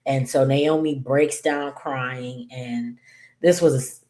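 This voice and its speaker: A woman hosting her own channel, casually recapping a TV episode with lots of fillers, rambling asides and quick apologies. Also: rumbling low, fairly even intonation, mellow. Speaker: YouTube TV recap host.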